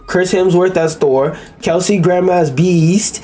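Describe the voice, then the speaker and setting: A man's voice: sits high, steady tone, unhurried, warm tone. A man giving casual, crude reaction commentary, rambling and stumbling over names as he reads through a list. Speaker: commentary YouTuber.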